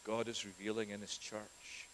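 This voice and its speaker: A man preaching a sermon, telling scripture stories earnestly, rising loud and dropping to near whispers. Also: lowish voice, flat delivery, moderate pace, a little hiss or hum, rough recording. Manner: earnest, storytelling with dramatic shifts in volume.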